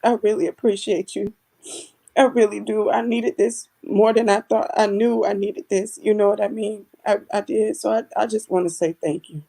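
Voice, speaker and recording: A woman's voice: mid-range voice, steady tone, moderate pace, creaky, warm tone. A woman from the audience giving emotional feedback in a casual way, often saying "like" and repeating words.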